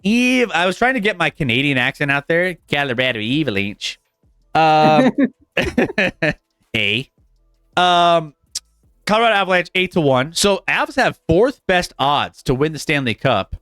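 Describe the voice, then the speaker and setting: A lively man hosting a sports betting stream, his voice on the higher side and swinging up and down as he talks. He chuckles a lot and trips over his words before pressing on. The sound is dry and close, with faint music underneath. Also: measured pace, clear, resonant tone, dry recording. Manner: animated, chuckles often, stumbles and restarts. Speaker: sports betting show host. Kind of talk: casual sports talk on a live stream.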